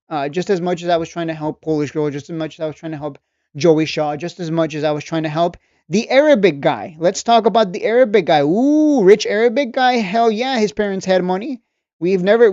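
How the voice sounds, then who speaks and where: A man with a high, slightly mellow voice is heard on a dry, dull, mildly lo-fi recording. Coaching stock traders in a casual ranting monologue for his channel, he sounds preachy and mocking, often repeating himself and restarting his sentences.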